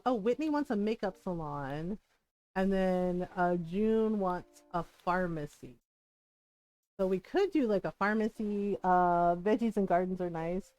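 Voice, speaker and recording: A woman's voice: mid-range voice, no room sound. A woman streamer chatting casually while playing a video game, telling stories animatedly and swearing freely.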